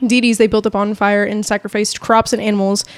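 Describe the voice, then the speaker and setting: A woman's voice: medium pitch, little pitch movement, brisk, clear, resonant tone, no echo. A young woman co-hosting a casual podcast, rambling and stumbling as she reads notes aloud. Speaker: podcast co-host. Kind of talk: casual chat.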